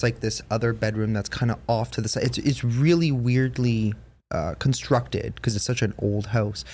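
A man's voice: medium pitch, darkish tone. A man hosting a podcast, telling a long ghost story in casual chat, full of fillers and restarts. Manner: rambling, lots of fillers and restarts. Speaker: podcast host.

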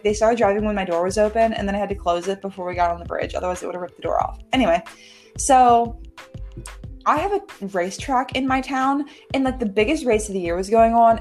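Young woman, casual podcast chat, rambling storyteller, faint music behind. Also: medium pitch. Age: young adult. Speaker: podcast co-host.

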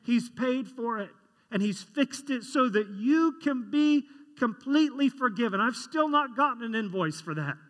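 Man preaching, high voice, conversational storytelling sermon, long hall reverb. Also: animated, moderate pace, fairly bright tone. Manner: conversational storytelling, asks the congregation questions. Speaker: pastor.

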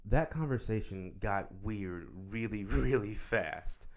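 A man's voice: lowish voice, slow pace. A man hosting a podcast in casual chat, joking crudely and swearing freely, calling his guest dude and bro. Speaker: podcast host.

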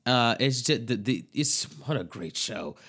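A man hosting a podcast in loose, excitable casual chat, full of fillers and cursing. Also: medium pitch, measured pace. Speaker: podcast host.

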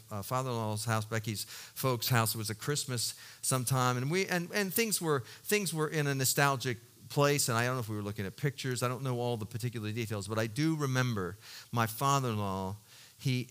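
A middle-aged man preaching from the pulpit with a bright, forceful voice. He rises to loud emphatic peaks, then drops low and quiet to tell a story, often restarting mid-phrase as he reaches for the right word. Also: smooth. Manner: halting restarts, searching for words. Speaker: pastor. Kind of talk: sermon.

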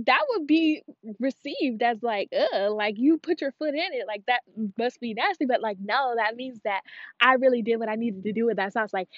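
A woman's voice: a little high, no echo. Chatty woman with a dull, dry sound. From United States. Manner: chatty, meandering, stops to coax her dog. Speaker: cooking vlogger. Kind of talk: casual chat while cooking. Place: at home, moving between kitchen and outdoors.

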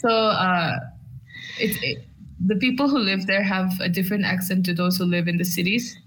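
A woman in a casual chat, relaxed, laughing often and restarting her sentences. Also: mid-range voice, normal speed, poor audio. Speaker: guest.

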